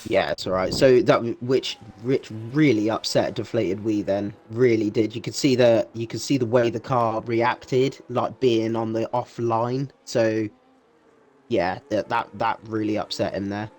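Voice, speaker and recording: A man's voice: lowish voice, fairly even intonation, unhurried, a little mellow. A man giving analytical co-commentary on a sim racing broadcast, often restarting and repeating words. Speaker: race commentator.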